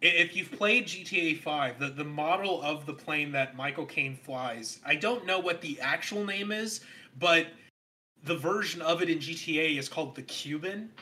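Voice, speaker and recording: Young guy reviewing a movie on a podcast, super bright sharp high voice, animated storyteller. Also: normal speed. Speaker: podcast co-host. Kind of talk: casual film review chat.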